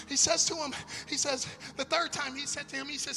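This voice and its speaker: A man preaching a sermon in a sing-song, chanting style that swells into shouts. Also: very high-pitched, fairly even intonation, brisk, vocal fry, big-room sound, soft background music.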